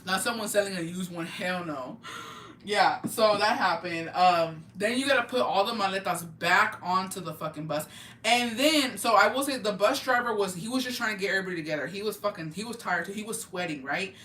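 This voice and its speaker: Bright-voiced woman spilling a storytime, cussing nonstop w spanish words mixed in, roomy echo, mic kinda far. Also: mid-range voice, brisk. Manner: profane, blunt, switches into Spanish words. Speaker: vlogger. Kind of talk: casual storytime. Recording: echoey room, mic at a distance.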